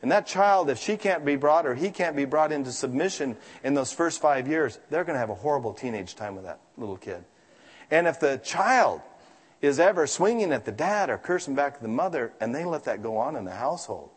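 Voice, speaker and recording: Male preacher, animated and emphatic, mid-pitched voice ringing through a long hall reverb. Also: breathy edge. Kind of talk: sermon.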